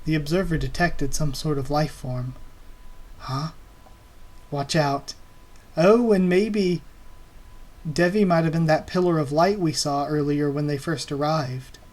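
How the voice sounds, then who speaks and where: A man hosting a live reaction to a webcomic, excitedly gushing and laughing as he reads. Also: a little high, a little slow.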